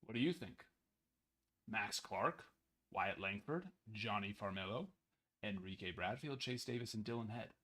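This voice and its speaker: A man's voice: fairly low pitch, animated, measured pace, a bit bright. A man hosting a card break stream, rambling casually with jokey mock outrage. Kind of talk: casual live-stream chat.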